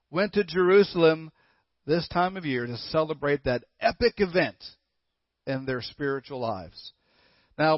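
A man's voice: fairly high pitch, no room sound, lo-fi sound. A male pastor giving a sermon, quizzing the congregation conversationally and reading scripture aloud. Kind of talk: sermon with audience questions.

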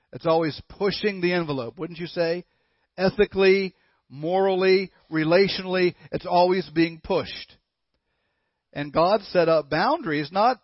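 Pastor, male, higher-pitched, conversational sermon with audience questions, muffled dry recording. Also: no echo. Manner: conversational, coaxing the congregation, reads scripture aloud.

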